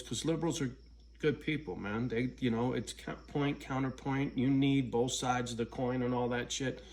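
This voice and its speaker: A man's voice: mid-range voice, vocal fry. Profane, blunt man ranting to camera. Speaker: vlogger. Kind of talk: casual rant to camera. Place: at home alone.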